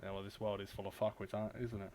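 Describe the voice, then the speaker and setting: A man hosting a podcast, chatting casually, swearing a lot and breaking into loud outbursts. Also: fairly low pitch, flat delivery, rapid-fire. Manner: swears a lot, loud bursts of laughter and outrage. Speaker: podcast host. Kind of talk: casual chat.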